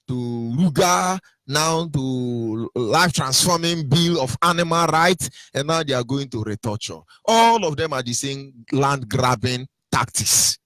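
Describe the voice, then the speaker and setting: A Nigerian man in a heated political monologue, swinging between loud sing-song mockery and low muttering. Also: dry recording.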